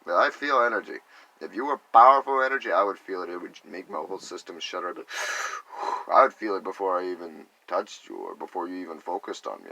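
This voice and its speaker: Deep gravelly man musing on energy. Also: fairly quick, dry recording. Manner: musing, animated, acts out imagined conversations. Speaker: vlogger talking about energy healing. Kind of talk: rambling spiritual monologue.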